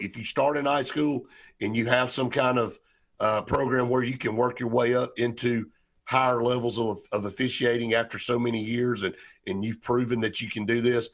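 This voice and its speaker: Rambling sports talk host man. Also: medium pitch. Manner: rambling, many restarts and fillers.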